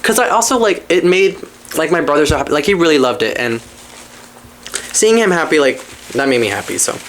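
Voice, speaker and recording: Chatting casually, a podcast host shares a personal story with candor and plenty of swearing, wandering off into asides and lurching from low mutters to excited peaks. The delivery runs a little fast, with faint hiss or hum in the background.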